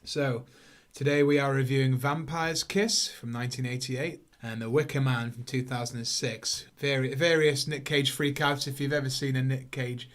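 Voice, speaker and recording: A man's voice: medium pitch, steady tone, moderate pace, hardly any pauses, fairly bright tone. A man hosting a casual film review podcast, talking in a rambling, stop-start way. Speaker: podcast host.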